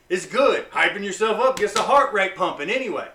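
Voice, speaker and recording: A man vlogging casually to camera, blunt and profane, swinging between loud hype and low, intense talk. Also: animated, brisk, few pauses, recorded from a distance. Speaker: vlogger on fasting. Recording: echoey room, voice off-mic.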